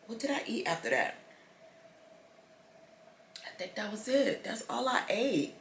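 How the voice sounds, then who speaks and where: A woman's voice: fairly high pitch, big pitch swings, unhurried, fairly bright tone, echoey room, a little hiss or hum. A woman sick with a stuffy nose, chatting casually to her viewers from bed in a rambling, frustrated way. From United States. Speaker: vlogger. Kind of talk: casual vlog chat. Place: bedroom, lying in bed.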